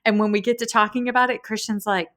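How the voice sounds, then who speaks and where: A woman's voice: fairly high pitch, fairly even intonation, fast, fairly bright tone. A woman in her thirties hosting a podcast from her kitchen table, chatting casually and giggling often. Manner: giggly and effusive. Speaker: podcast host. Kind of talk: casual interview chat.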